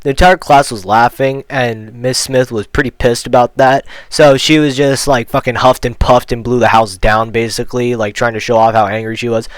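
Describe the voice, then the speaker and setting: A man's voice: medium pitch, fairly even intonation, moderate pace, hardly any pauses, dry recording, low-quality recording. A teenage guy telling a casual storytime rant, rambling and profane, full of "like". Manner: rambling, profane, heavy use of "like". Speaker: vlogger.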